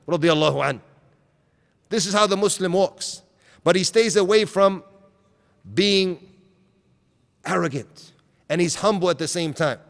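A man's voice: fairly high pitch, measured pace, creaky, pauses often. A man preaching a sermon in an earnest, direct way, posing rhetorical questions and mixing Arabic terms into his talk. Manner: mixes in Arabic terms and recited verses. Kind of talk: Islamic lecture. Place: lecture hall at an event. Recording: reverberant hall sound.

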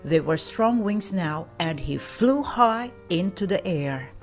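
A woman with a fairly low voice reads a children's storybook aloud. Her telling is calm and measured. Soft music plays quietly in the background. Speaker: children's book reader.

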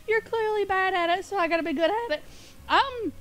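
A woman's voice: very high-pitched, a bit bright. A woman live-streaming a game from home, chatting playfully and giggling, a little sniffly and groggy. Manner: playful and giggly, quick asides. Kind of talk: casual live-stream chat.

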